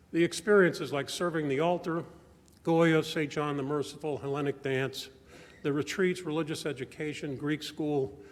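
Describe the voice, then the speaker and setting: Older man telling family stories in a church. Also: a little high. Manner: measured, reflective storytelling. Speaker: church member giving a stewardship talk. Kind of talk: personal testimony speech. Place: large church sanctuary. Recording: long church reverb.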